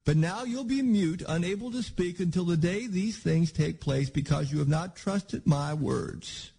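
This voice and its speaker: A preacher putting on a stern, scolding archangel. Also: male voice, high-pitched, unhurried, vocal fry, warm tone, slightly rough, voice pushed up, heavily acted. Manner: scolding, raised and emphatic. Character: stern indignant male archangel, easily offended.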